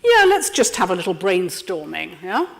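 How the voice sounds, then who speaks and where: A woman leading an interactive training workshop, lively and constantly checking in with her audience. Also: lowish voice, moderate pace, creaky. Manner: lively, checks in with frequent "yeah?". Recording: lecture room with long reverb.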